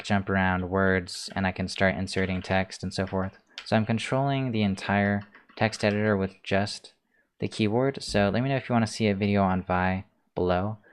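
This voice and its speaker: A man hosting a casual screencast coding tutorial, talking through his steps in a relaxed way with many ums, keyboard clicks heard. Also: deep voice, clean tone. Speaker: tutorial host.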